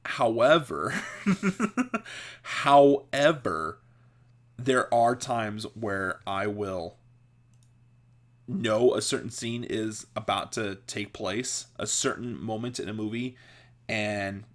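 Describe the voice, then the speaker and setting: Man, podcast host, unhurried, rambling, giggly, casual storytelling. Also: medium pitch. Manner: rambling, laughs often, many restarts and "like" fillers.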